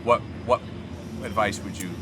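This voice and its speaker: A man's voice: fairly low pitch, fairly even intonation, moderate pace, noisy background. A man hosting a music interview show, curious and chatty, often joking at his own expense. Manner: curious, chatty, self-deprecating. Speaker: show host. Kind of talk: casual interview and lesson chat.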